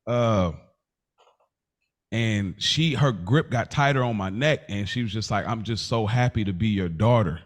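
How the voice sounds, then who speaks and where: Male podcast co-host, low-ish voice, emotional storyteller who poses big questions. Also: unhurried. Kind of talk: casual podcast talk.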